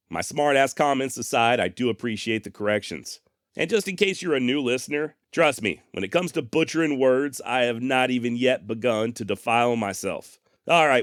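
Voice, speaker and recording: A man's voice: mid-range voice, fairly bright tone, dry recording, clean studio sound. A man hosting a history podcast, telling the story in a wry, folksy way and often mocking himself. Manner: wry, sarcastic, self-mocking; folksy turns of phrase.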